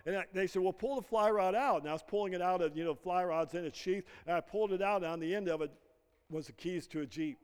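Male pastor, middle-aged, lively call-and-response preaching, rather high voice, reverberant church hall. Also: fast talker, clear, resonant tone. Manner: call-and-response, prompting the congregation to finish lines. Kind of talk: sermon. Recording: long reverb of a large hall.

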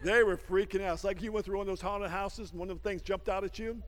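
A man preaching a lively sermon, laughing often and swinging from shouts down to hushed asides, with a folksy habit of saying "man.". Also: sits high, fast, long reverb tail. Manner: folksy, calls everyone "man". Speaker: pastor.

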